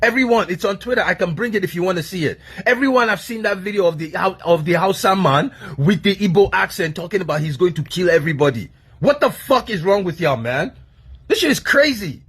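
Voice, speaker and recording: Brief: husky man, high-pitched angry rant, swears, repeats himself. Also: lively intonation, fairly quick, fairly bright tone. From Nigeria. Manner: heated, swearing, repetitive. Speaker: online commentator.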